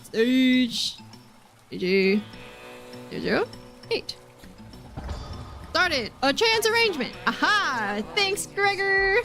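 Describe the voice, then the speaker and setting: A woman's voice: high voice, big pitch swings, takes it slowly, long pauses, sharp tone, soft background music. A young woman streaming a game live, chatting with viewers in a giggly, rambling way. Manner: giggly, rambling, talks to chat. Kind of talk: live gameplay stream chat.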